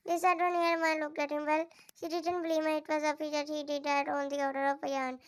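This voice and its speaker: High flat-voiced woman reading a story. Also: no room sound. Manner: halting reading with restarts and slips. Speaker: fan fiction reader. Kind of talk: reading fan fiction aloud.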